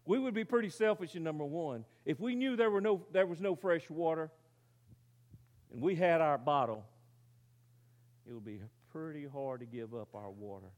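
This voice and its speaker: Male preacher, fairly high voice, dramatic storyteller who drops to a hush, rhetorical questions. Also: normal speed. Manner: dramatic storytelling, rises loud then drops very quiet; asks the audience rhetorical questions. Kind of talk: sermon illustration.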